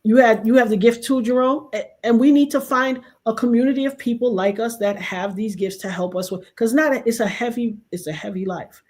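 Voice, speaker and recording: Animated woman telling stories. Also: on the high side, fairly quick, few pauses. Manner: animated, acts out quoted dialogue. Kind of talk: casual storytelling chat.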